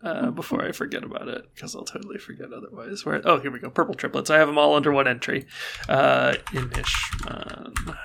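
A man runs a tabletop game in a gravelly, bright voice. His talk is relaxed and halting, with many ums and likes. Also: medium pitch, slight background noise. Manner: relaxed, hesitant with many fillers. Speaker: game master.

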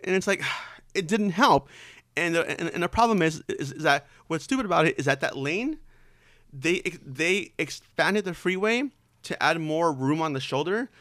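A man with a slightly high voice in relaxed conversation, talking in loose, rambling runs full of "like" and restarts. The sound is dry and close, with no room around it. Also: moderate pace, no room sound. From Southern California. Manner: rambling, filler-heavy, many restarts. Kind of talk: casual chat.

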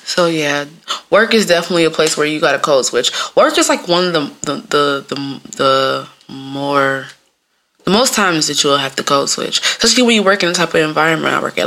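Woman podcaster talkin loose n profane, aave, gravelly and kinda bright, low-ish voice. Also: brisk. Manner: acts out voices with big pitch jumps. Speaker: podcast host. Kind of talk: casual solo podcast monologue.

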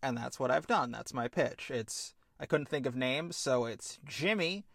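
A man co-hosting a podcast, pitching a film idea in an animated, casual chat and swearing freely. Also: unhurried, creaky, no echo, clean studio sound. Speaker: podcast co-host.

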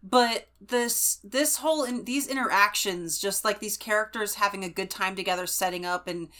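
A woman's voice: medium pitch, normal speed, fairly bright tone. A woman co-hosting a book podcast, chatting casually and enthusiastically with lots of "like" and restarts. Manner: rambling, filler-heavy, enthusiastic. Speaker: podcast co-host.

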